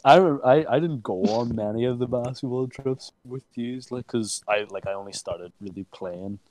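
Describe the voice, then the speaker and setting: A young man, chatting casually with friends and telling school stories, full of "like" fillers and bursts of high laughter. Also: normal speed, poor audio. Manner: animated storytelling, many "like" fillers, breaks into high laughter. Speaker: friend reminiscing. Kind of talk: casual chat.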